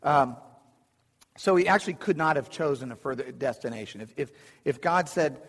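A man's voice: medium pitch, normal speed, fairly bright tone, husky. A man preaching a conversational sermon from slides, with chuckling asides and frequent restarts. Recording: long reverb of a hall.

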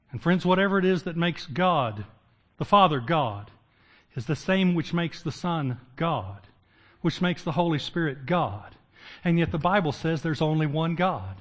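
Older man, high-ish voice, pastor preaching; folksy and joking, builds to loud emphasis, drops quiet for weight. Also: unhurried. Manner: conversational, jokes with the congregation; swings from loud emphatic to low hushed. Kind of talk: sermon.

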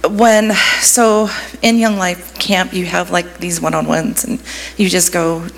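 A woman's voice: fairly low pitch, level tone, slow pace, creaky. A woman youth ministry leader giving an emotional personal testimony in church, gushing and full of fillers. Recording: long hall reverb, faint room noise.

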